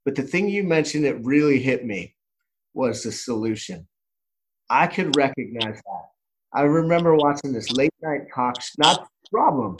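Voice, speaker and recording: A man's voice: medium pitch, lively intonation, moderate pace, low-quality recording. A middle-aged man hosting a podcast, telling a story in a loose, rambling way with many restarts. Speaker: podcast host. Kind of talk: casual podcast conversation.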